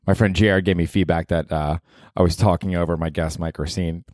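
Deep voice guy doing a sweary rambly solo comedy pod, super dry sound. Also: brisk, no room sound. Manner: profane, rambling, self-mocking. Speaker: podcast host, comedian. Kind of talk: casual comedy monologue.

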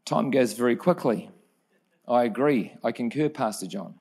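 A man preaching a sermon, earnest and personal, telling stories and correcting himself with quick asides. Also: medium pitch, a little mellow, slightly rough. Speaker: pastor.

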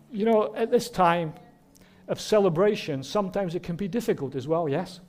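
A man's voice: high-pitched, normal speed, darkish tone. A man preaching a Christmas sermon, earnest and direct, often asking the listeners rhetorical questions. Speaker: pastor.

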